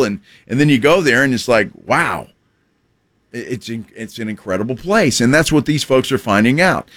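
A man hosting a sports talk radio show, chatting in a loose, folksy monologue full of ums and restarts. His voice sits at an ordinary pitch and sounds close and dry, with no room around it. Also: sing-song, normal speed, fairly bright tone, dry recording. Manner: folksy, rambling, frequent fillers and restarts.

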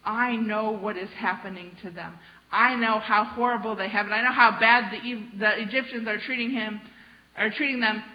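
A woman's voice: mid-range voice, steady tone, moderate pace, natural voice. A woman preacher voicing God as a compassionate male divine figure, speaking earnestly. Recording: dull lo-fi sound.

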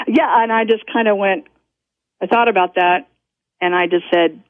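A woman's voice: medium pitch, measured pace, dry recording. A woman guest telling a personal story in a rambling, self-interrupting way, often breaking into laughter. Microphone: telephone. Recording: tinny phone line.

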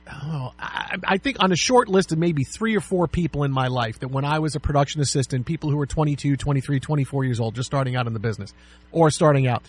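A middle-aged man co-hosting sports talk radio with a slightly high, husky voice. He tells animated stories and acts out the people in them. The sound is dry and close to the mic. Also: no echo. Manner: animated storyteller, acts out quotes.

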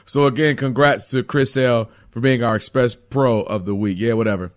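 A man hosting a sports radio show, talking in an animated, sing-song way and laughing often. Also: medium pitch, brisk. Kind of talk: casual sports talk. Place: radio studio.

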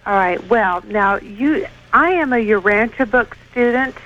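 A woman's voice: on the high side, lively intonation, a little slow, lo-fi sound, soft background music. A woman calling in to a radio show, speaking hesitantly and searching for her words. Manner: hesitant, full of fillers and restarts. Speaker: radio caller. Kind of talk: phone-in chat.

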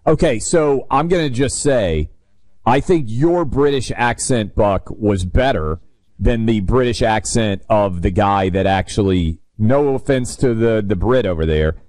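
A man with a lowish voice hosts a talk radio show and chats in an easy, conversational way. His voice sounds close and dry. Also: unhurried, darkish tone, no room sound, rough recording. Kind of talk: casual radio banter.

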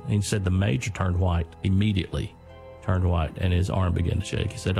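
An older man earnestly telling the story of his father's wartime stand, speaking in a deliberate way. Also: sits low, steady tone, creaky, dark tone, soft background music. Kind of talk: storytelling talk.

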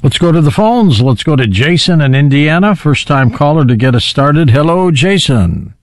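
A man hosting a talk radio show, brisk and upbeat as he introduces callers. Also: fairly high pitch, lively intonation, no echo. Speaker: radio host.

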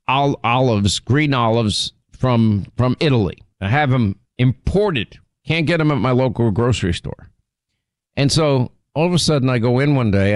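A middle-aged man hosting a talk show, telling rambling stories and teasing his co-host, with many restarts and excited jumps in pitch. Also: dry recording. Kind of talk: casual on-air storytelling.

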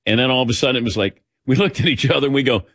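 A man with a mid-range, fairly bright voice talks very fast into a studio microphone in a radio studio with no echo and studio quality. Hosting a sports talk show, he tells anecdotes casually and acts out the dialogue.

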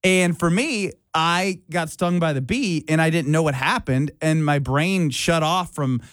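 A man's voice: a little high, unhurried, a bit bright, dry recording. Wry radio cohost, a man. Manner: defensive, wry, reads texts aloud. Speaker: radio sports talk cohost. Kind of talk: casual radio banter.

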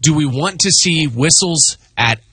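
A man hosting a sports radio show, talking in an animated way and reading ad copy briskly. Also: fairly high pitch, husky, dry recording, studio quality. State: losing his voice.

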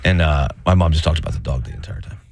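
A man in his thirties telling family stories in casual chat, mimicking others in high voices. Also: quick pace, no echo, studio quality.

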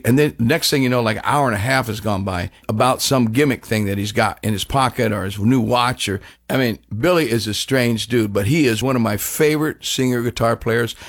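A man hosting a rock countdown on the radio, telling loose, animated stories full of restarts. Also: medium pitch. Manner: rambling, animated storytelling with frequent restarts. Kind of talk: casual radio chat.

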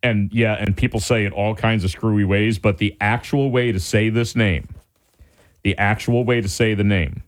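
A man hosting a radio talk show, chatting casually in an animated, rambling way with restarts. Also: on the low side, normal speed. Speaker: radio host.

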